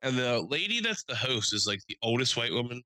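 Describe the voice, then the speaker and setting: A young man co-hosting a podcast, telling animated stories with lots of swearing, acting out quotes in a raised voice. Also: mid-range voice, fairly quick, no echo, low-quality recording. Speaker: podcast co-host. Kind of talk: casual storytelling chat.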